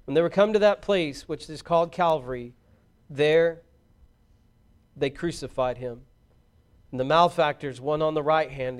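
A man giving a solemn, measured formal scripture reading. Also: fairly high pitch, smooth. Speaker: scripture reader.

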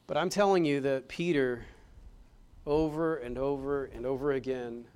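A male pastor delivering a sermon, moving between hushed passages and loud, emphatic ones. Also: mid-range voice, steady tone, moderate pace, smooth. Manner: dynamic preaching, swings from hushed to loud and emphatic. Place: church.

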